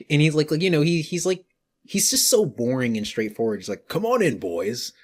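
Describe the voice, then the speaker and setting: A man's voice: fairly high pitch, expressive, normal speed, darkish tone. A man co-hosting a podcast, chatting casually, laughing a lot and using many fillers. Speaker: podcast co-host. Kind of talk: casual chat.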